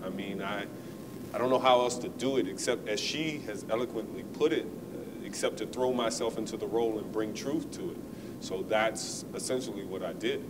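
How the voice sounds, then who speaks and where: A man with a lowish voice gives thoughtful, measured answers in a casual interview. He sits a bit back from the mic, and clear noise runs under him. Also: distant mic. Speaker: actor guest.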